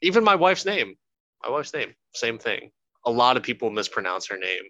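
A man's voice: medium pitch, sing-song, moderate pace, pushed and bright, dry recording, muffled recording. A man co-hosting a podcast, chatting casually and jokingly about a movie, a little profane and rambling. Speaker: podcast co-host. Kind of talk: casual movie review chat.

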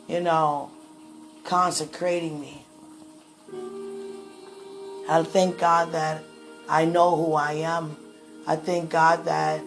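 A woman speaking warmly and excitably to her listeners in a casual, faith-filled chat, with lots of "you know.". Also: fairly low pitch. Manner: affectionate and excitable, with frequent "you know" and laughter. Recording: faint music behind.

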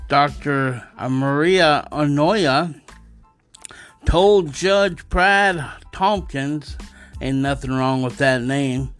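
A man hosting a casual podcast, reading odd news stories in a loose, unpolished way with joking asides and plenty of fillers. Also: fairly high pitch. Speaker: podcast host.

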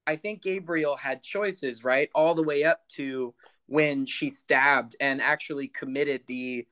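A man's voice: medium pitch, slow, fairly bright tone. A man on a podcast, talking thoughtfully and hedging as he searches for words. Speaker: podcast guest. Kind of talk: casual chat.

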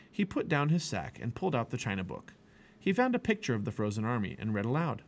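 A man reading a children's chapter book aloud with expressive storytelling. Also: medium pitch, fast. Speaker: family podcast reader.

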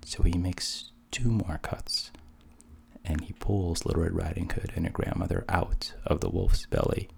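A man casually retelling a fairy tale in a relaxed, conversational way, with asides. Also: deep voice, unhurried, gravelly, whispered. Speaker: storyteller.

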